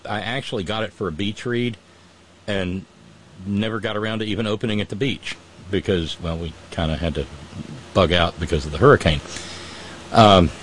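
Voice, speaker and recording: A man in casual chat, retelling an old myth in an animated, irreverent way and doing voices for its characters. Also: sits low, moderate pace, pauses often, a little hiss or hum.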